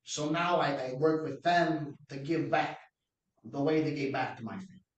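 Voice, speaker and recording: A man's voice: fairly high pitch, normal speed, lo-fi sound, voice pushed up, lightly acted. A man playing a wealthy mobster-style philanthropist in a general New York-area accent, testifying in a mock trial, recorded from far off in an echoey room. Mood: somber. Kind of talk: mock trial witness acting.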